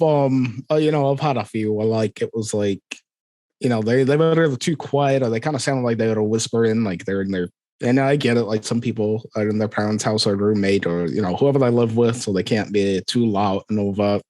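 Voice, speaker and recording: A man's voice: fairly low pitch, a little fast, darkish tone, no room sound. A young Scottish man, a voice actor, chatting casually in an interview, easygoing and hesitant with many fillers. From Scotland. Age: young adult.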